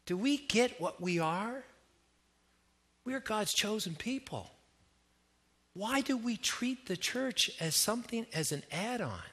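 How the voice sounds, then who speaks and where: A middle-aged Canadian pastor preaches in a lively, conversational way and keeps drawing his congregation in with questions. His voice sits high for a man. It has a bright, forceful ring. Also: a little slow, long pauses. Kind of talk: sermon.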